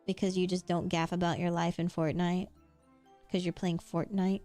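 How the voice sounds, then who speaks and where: A woman's voice: lowish voice, flat delivery, normal speed, mellow, soft background music. A young woman streaming while she draws, in a rambling casual chat full of "like" and laughs, swearing now and then. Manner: chatty, rambling with frequent "like" and laughs.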